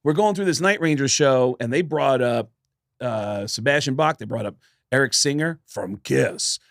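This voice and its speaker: A man's voice: mid-range voice, moderate pace, creaky, no echo, studio quality. A man co-hosting a podcast, telling a story in casual chat and acting out the quotes. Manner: animated, acts out quotes. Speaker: podcast co-host.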